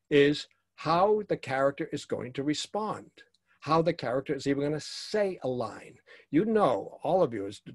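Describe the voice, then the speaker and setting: A man's voice: fairly high pitch, breathy edge, dry recording, studio quality. A man teaching a workshop to actors and directors, speaking emphatically and repeating his key phrases.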